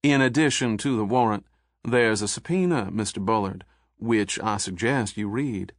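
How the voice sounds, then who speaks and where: Man playing a smooth southern fed, calm polite and icy, lowish voice, dry. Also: moderate pace, dry recording, natural voice. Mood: cool. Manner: smooth, pleasant, coolly polite. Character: suave, icy male federal agent.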